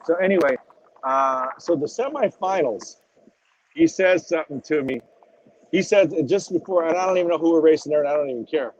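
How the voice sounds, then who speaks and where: A middle-aged man, a former drag racer, telling animated and salty stories as a podcast guest. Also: on the high side, a little fast, a little hiss or hum. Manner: animated, swears freely, acts out quotes. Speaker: retired drag racing driver as podcast guest. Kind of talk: casual storytelling interview. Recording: dull lo-fi audio.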